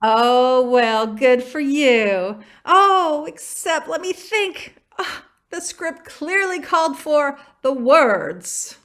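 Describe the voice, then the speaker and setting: A woman's voice: high-pitched, expressive, takes it slowly, fairly bright tone, full character voice. A woman playing a sarcastic female ghost of dropped lines in a stage play, taunting and theatrical.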